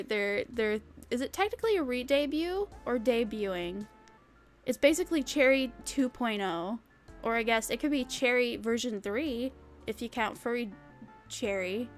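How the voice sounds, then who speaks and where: A young woman streaming, chatting casually and rambling with lots of fillers and giggles. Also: on the high side. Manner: bubbly, giggly, rambling with many "like"s. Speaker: vtuber streamer. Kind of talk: casual chat with chat readers.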